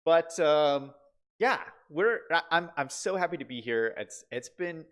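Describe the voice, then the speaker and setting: Casting: male game streamer, a bit stuffy from a cold, excitable, lively up-and-down delivery. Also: a little high, measured pace. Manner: chatty, excitable, repeats himself. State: congested from a cold. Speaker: streamer host. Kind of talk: casual live-stream chat.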